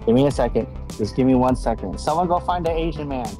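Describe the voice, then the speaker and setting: A man's voice: medium pitch, fast talker. A man teasing his friends in casual voice chat during a game, swearing and joking. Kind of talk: casual group voice chat while gaming. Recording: faint game music behind voice chat.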